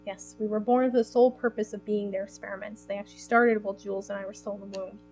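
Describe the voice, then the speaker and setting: Shaky quiet young man, gentle and broken, woman reading him out, game story. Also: mid-range voice, fairly even intonation, fast talker, soft background music, lightly acted, rough recording. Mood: grieving. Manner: quiet, trembling, subdued. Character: young man, gentle, grief-stricken, haunted by his past.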